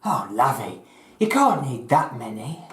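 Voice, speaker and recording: A woman's voice: rumbling low, sing-song, unhurried, full character voice. A woman playing a nosy, fussing mother who keeps calling her child lovey, in a comedy sketch. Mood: prying. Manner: prying, gently persistent, calls her child lovey.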